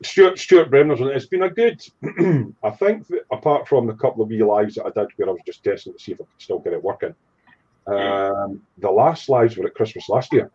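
A man's voice: lowish voice, expressive, a little fast, darkish tone, breathy edge. A man hosting a casual live stream, chatting jokily with friends on a video call and reading out the chat. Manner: chatty, jokey, reads out chat messages. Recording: dull lo-fi stream audio.

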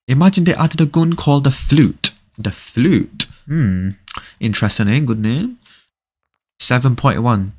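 A man's voice: medium pitch, lively intonation, a little slow, slight background noise. A young man chatting casually with viewers during a live game stream, often repeating short phrases.

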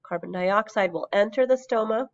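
Woman teacher, sick voice, steady explaining with ums, dry close sound, muffled recording. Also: mid-range voice, moderate pace, no echo. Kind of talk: recorded lesson over slides.

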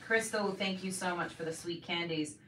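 A woman's voice: lowish voice, moderate pace, roomy sound, distant mic, a crowd in the background, low-quality recording. A woman co-hosting a live stream, reading out viewer comments in a dry, teasing manner. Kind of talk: casual live-stream chat.

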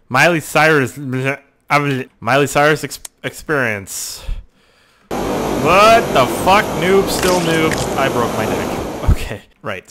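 A young man doing loud, excitable gaming commentary, swearing, yelping and shouting as he plays. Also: a little high, noisy background. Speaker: gaming YouTuber.

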